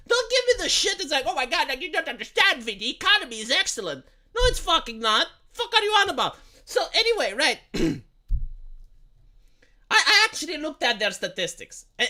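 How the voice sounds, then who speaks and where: Bright-voiced, profane ranting man. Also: very high-pitched. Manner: profane, heated, stammers and repeats words; argumentative, asks rhetorical questions. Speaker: live streamer. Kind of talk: casual political rant on a live stream.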